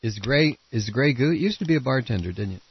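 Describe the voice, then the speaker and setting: Combative male radio host with a gravelly, husky, congested voice; dry, dull broadcast sound. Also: medium pitch, animated, quick pace, no echo. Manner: blunt, combative, rambling with restarts. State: coughing, congested. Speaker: radio talk show host. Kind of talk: political talk radio. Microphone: studio microphone.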